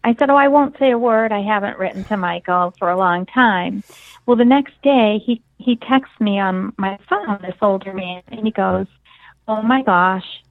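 A woman's voice: mid-range voice, no echo. Woman telling a story over a tinny phone line. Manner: earnest, retells dialogue vividly. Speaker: guest author. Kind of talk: personal storytelling.

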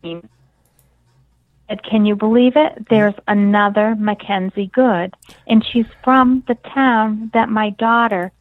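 Her mid-range voice is steady and slow, with no room sound, though it has a phone-line quality. An author appearing as a guest, she tells a personal story earnestly, retelling the conversations vividly as she goes.

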